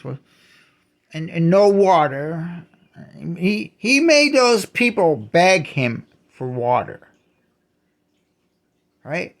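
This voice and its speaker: Male host, angry solo rant, higher register, gravelly; restarts words, bursts into shouts. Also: sing-song, extremely slow, pauses often. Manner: indignant, repeats and restarts words, shouts accusations. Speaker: channel host. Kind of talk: ranting monologue.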